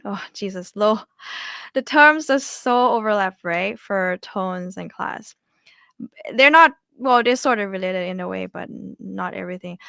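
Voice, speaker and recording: Thai-accented teacher lady drilling tones, chatty, bright slightly gravelly voice. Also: mid-range voice, dry recording, clean studio sound. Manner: chatty, repeats words for drilling. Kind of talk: online language lesson.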